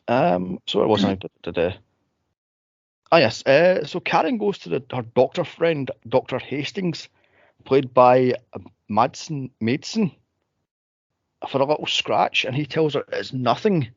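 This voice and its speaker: A man co-hosting a casual movie podcast, telling stories and acting out scenes with sudden high squeals. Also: measured pace, vocal fry, no echo, highs cut off. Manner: animated storyteller, acts out scenes in high squeals. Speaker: podcast co-host.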